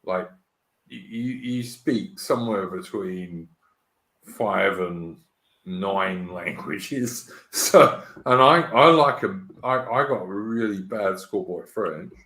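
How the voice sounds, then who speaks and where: A man's voice: on the low side, animated, slow pace, pushed and bright, roomy sound. A man hosting a casual podcast chat, talking bluntly with lots of stammered restarts and swearing. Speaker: host.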